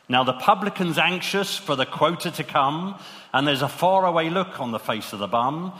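A man's voice: a little high, fairly bright tone. Man putting on an Australian accent for a sing-song lonesome bush ballad, echoing hall. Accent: put-on Australian. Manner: sing-song poem recitation. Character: lonesome outback man lamenting a dry pub. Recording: reverberant hall.

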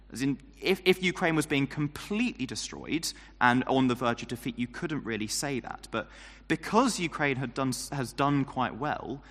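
A man's voice: medium pitch, a bit bright. Man, preacher, casual sermon, fillers, mock-taunting asides, long reverb. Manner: conversational, many fillers, lapses into mock-taunting quoted voices. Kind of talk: sermon on a psalm.

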